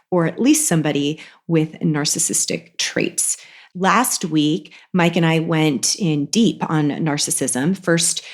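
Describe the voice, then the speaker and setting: A woman hosting a podcast alone, a little congested, talking in a chatty, conversational way. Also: lowish voice. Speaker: podcast host. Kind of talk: casual podcast monologue.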